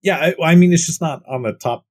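Husky easygoing podcast co-host man. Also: a little high, quick pace, a little mellow, dry recording. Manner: easygoing, laughs along. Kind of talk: casual gaming podcast chat.

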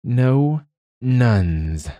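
A man's voice: mid-range voice, big pitch swings, extremely slow, mellow, no room sound, voice pushed up. A man voicing a sly dragon with a sweet tenor. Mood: demanding. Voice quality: smooth, almost castrato-like. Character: sly hungry dragon with a beautiful high tenor voice.

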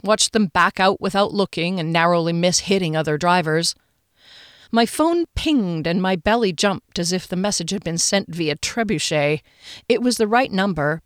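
A woman narrating a first-person novel as an audiobook, in a wry, expressive way. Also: fairly low pitch, clear, resonant tone, dry recording, studio quality.

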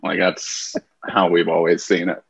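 Gravelly, husky low-voiced male guest. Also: monotone, dry recording, muffled recording. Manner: quick, joking interjections. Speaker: filmmaker guest. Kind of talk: casual interview chat.

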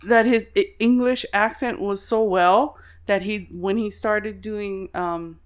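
A woman's voice: medium pitch, slow pace, clear, resonant tone. A woman co-hosting a podcast in casual chat, swearing freely and laughing often. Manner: swears a lot, lively storytelling, laughs often. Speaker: podcast co-host.

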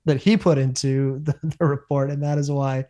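A man's voice: medium pitch, little pitch movement, normal speed, warm tone. A man co-hosting a podcast, chatting in a laid-back, opinionated way and often repeating his words. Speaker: podcast co-host. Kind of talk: casual recap chat.

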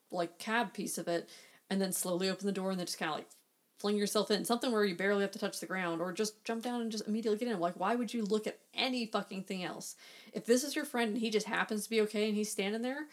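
A woman co-hosting a casual podcast, recapping a movie with animated storytelling, acting out quotes and swearing freely. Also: medium pitch. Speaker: podcast co-host.

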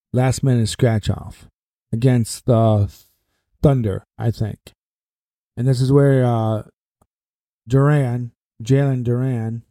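A man's voice: medium pitch, dark tone, no echo. A man hosting a podcast, giving casual sports commentary in a rambling way, repeating phrases for emphasis and sounding short of breath. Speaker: podcast host.

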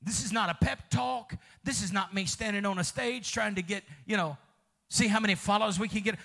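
A man pastor, preaching a fervent sermon, calling out to the congregation, with sudden shouts and soft drops. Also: high voice, fairly quick, vocal fry. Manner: calls out to congregation.

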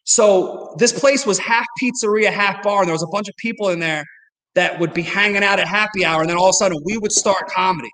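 A man with a high voice tells a comedy road story in a loose, rambling podcast chat, filling his sentences with "like". His voice carries some lingering reverb from the room. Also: fairly quick, pushed and bright. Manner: storytelling, many "like" fillers. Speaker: comedy producer and guest.

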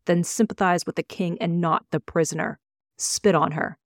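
A woman voicing a cruel, proud young prince who rides a dragon, proclaiming loudly in an audiobook reading. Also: fairly low pitch, steady tone, normal speed, no room sound, studio quality, lightly acted. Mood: contemptuous. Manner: commanding, proclaiming.

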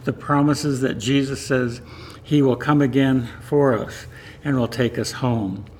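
A man as pastor giving a sermon in calm, gentle short phrases. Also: medium pitch, a little slow, a little hiss or hum.

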